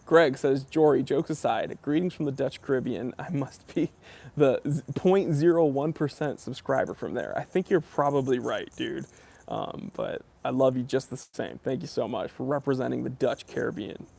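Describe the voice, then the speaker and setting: Reading viewer comments from the chat, a man hosting a casual watch stream responds in an easygoing, meandering style peppered with ums and uhs. His medium-pitched voice is creaky and a little mellow, moving at a normal speed.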